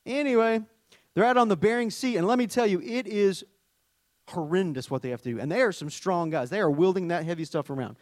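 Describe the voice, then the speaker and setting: A man preaches a sermon in a high, bright-pitched voice. He sinks to hushed, tender lows, then climbs to loud, emphatic peaks and asks the congregation questions. The sound is dry and close, with little room echo. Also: a little fast. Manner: talks to the congregation, asking questions. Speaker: pastor.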